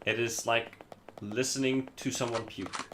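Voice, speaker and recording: A man's voice: mid-range voice, fairly even intonation, a little slow, background noise. A man from Iceland, a native Icelandic speaker, giving casual gameplay commentary in English, hesitant and rambling with many fillers. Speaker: streamer playing a game.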